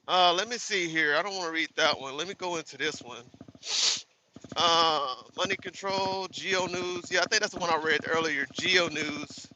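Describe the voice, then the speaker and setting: Bright, high-voiced cursing trucker man. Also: normal speed, a little hiss or hum, low-quality recording. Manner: profane, exasperated ranting. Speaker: truck driver livestreamer. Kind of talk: casual live stream talk while driving. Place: truck cab on a bumpy road. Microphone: phone.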